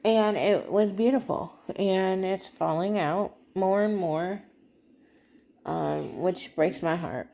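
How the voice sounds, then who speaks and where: A woman speaks slowly and haltingly to her viewers, with a gravelly, creaky edge to her voice. She sounds tearful and fights to keep from crying. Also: mid-range voice, mellow, slight background noise. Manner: halting, emotional, trying not to cry. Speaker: vlogger. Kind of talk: personal vlog talk.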